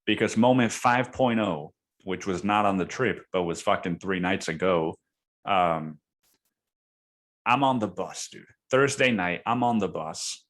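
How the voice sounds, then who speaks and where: A young man with a fairly low voice tells a story on his podcast in loose, slangy chat. He swears often and keeps saying dude and man. When he quotes other people he jumps into high, shouted voices. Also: measured pace. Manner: profane, slangy, says dude and man a lot; acts out quoted voices with sudden high yelling. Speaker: podcast host. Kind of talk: casual storytelling monologue.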